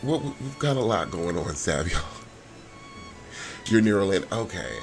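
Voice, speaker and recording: Laid-back game storyteller, low voice, lively and chatty, soft music behind. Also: male voice, measured pace. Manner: chatty, laughing, slangy. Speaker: gameplay storyteller. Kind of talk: casual game narration.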